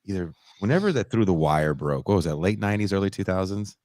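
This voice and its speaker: A man's voice: low-pitched, fast, a little mellow, no room sound. A man hosting a podcast, telling rambling stories in casual chat and reading a guest introduction. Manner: rambling storyteller, acts out quoted voices. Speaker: podcast host.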